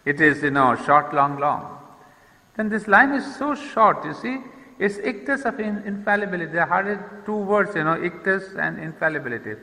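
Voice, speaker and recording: A man giving an explanatory lecture, reading verse lines slowly and then explaining them with hesitant restarts. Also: high-pitched, lively intonation, pushed and bright. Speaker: lecturer on poetry and yoga. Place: lecture hall. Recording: long reverb of a hall.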